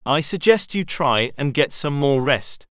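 A man puts on a gruff, solemn male animal pirate captain, stern but quietly protective. His voice rises and falls with lively pitch, and the storybook recording sounds close and dry. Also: a little slow, no echo. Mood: resolute.

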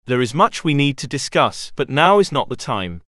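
A man voicing a stern but protective male animal pirate captain in a storybook, gruff and solemn. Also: mid-range voice, sing-song, moderate pace, sharp tone, no room sound, clean studio sound. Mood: resolute.

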